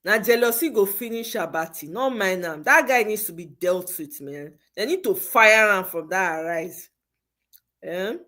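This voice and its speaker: A woman's voice: medium pitch, lively intonation, measured pace, bright, forceful tone. A Nigerian woman hosting a casual livestream chat, slipping into Pidgin and laughing as she reads viewer comments. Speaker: livestream host.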